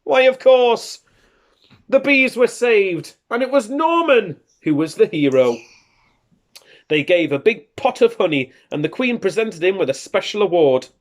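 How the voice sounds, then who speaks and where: A woman teacher reads a picture book aloud for small children, her pitch rising and falling with lively expression. She takes it slowly, savoring each line. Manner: animated, expressive storytelling. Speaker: primary school teacher.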